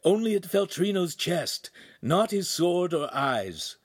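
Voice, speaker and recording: A man's voice: on the high side, very animated, unhurried, husky, no echo, studio quality, voice pushed up, exaggerated voice. A man voicing an anxious little AI helper. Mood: urgent. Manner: urgent, insistent advice. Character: small anxious AI helper urging caution.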